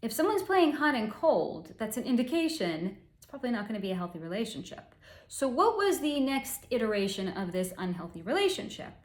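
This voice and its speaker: A woman's voice: a little high, big pitch swings, brisk, roomy sound. A woman giving a psychic reading, telling a story candidly and swearing freely. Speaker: psychic reader. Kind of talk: solo spoken energy reading.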